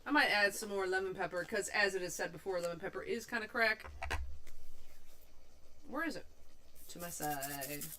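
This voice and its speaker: A woman's voice: medium pitch, normal speed, pauses often, bright, forceful tone, a little hiss or hum. A young woman hosting a casual cooking livestream, chatting and rambling loosely with her viewers and swearing casually. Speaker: livestream host.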